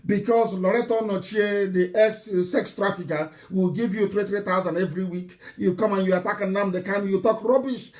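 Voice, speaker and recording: A man giving a live political broadcast, mocking and animated, swinging between loud outbursts and low asides. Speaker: broadcaster addressing followers.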